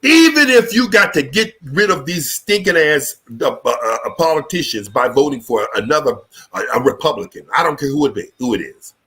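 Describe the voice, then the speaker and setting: Host, male, lively and bright, profane preacher-style ranting. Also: a little high, a little fast, hardly any pauses. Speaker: show host. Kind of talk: live political talk show rant.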